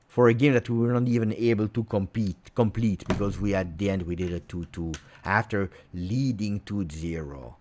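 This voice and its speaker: A man's voice: lowish voice, normal speed, hardly any pauses, a little mellow, slight background noise. Angry Italian man ranting about football. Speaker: fan channel host. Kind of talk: live football watch-along reaction.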